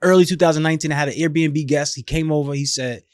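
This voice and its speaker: A man in his thirties tells his story on a podcast, speaking casually and with emphatic, slangy energy. His voice sits a little high for a man. The sound is dry and close. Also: fast talker, dry recording. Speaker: podcast guest.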